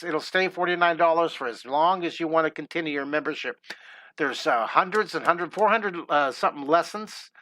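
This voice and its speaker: Upbeat, bright-voiced man teaching drawing. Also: on the high side, a little hiss or hum. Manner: upbeat, chatty, enthusiastic with exclamations. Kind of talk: live-streamed drawing lesson.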